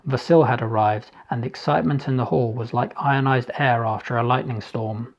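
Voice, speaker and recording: A man narrates his own thriller audiobook at a steady, measured pace with a mid-range voice. His reading is calm and deliberate. The recording has a slightly dull, lo-fi sound. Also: mid-range voice. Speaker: author reading his novel. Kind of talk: scripted narration.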